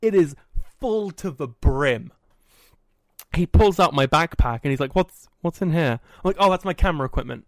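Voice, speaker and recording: A man hosting a podcast, telling a story in a casual, animated and self-mocking way. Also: a little high, normal speed, no room sound. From England. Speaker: podcast host. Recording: dry, poorly set up audio.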